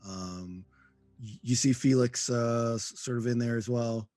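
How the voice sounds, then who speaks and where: A man narrating as game master, halting and full of ums and restarts. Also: mid-range voice, a little mellow, dry recording, soft background music.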